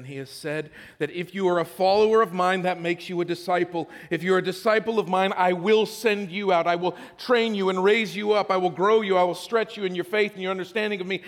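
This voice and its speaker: Pastor, man, middle-aged, high-set voice, storytelling with jokes at his own expense; long hall reverb. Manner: storytelling, self-deprecating humor, repeats words when building. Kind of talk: sermon.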